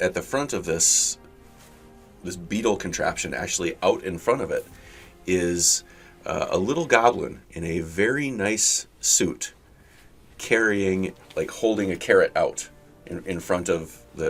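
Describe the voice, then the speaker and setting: Low, lively-voiced male game master who narrates in halting bursts. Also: vocal fry, soft background music. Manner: halting, full of fillers.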